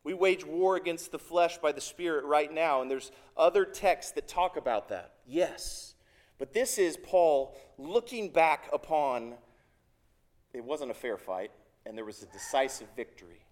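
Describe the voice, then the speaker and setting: A man preaching from the pulpit, his voice sitting higher than most men's. He is earnest and emphatic and leans on repeated phrases to drive each point home. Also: expressive, a little slow, darkish tone. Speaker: pastor. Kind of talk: sermon.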